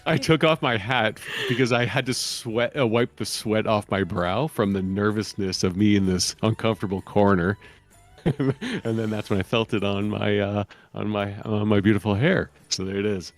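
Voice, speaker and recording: A man's voice: fairly low pitch, steady tone, normal speed. A man chatting casually on a live stream, rambling and joking and laughing often. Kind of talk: casual chat.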